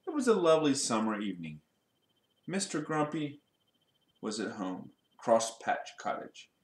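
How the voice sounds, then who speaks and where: A man reading a children's storybook aloud in a lively way, putting questions to his young listeners. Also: fairly low pitch, moderate pace, reverberant.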